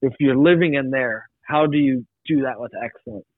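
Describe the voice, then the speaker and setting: A young man tells a church story on a podcast, circling back with likes and restarts. His voice sits mid-pitch. The sound is dry and squeezed thin, like a phone line. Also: normal speed, no echo. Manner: rambling, many restarts and likes. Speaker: podcast guest. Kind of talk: casual testimony.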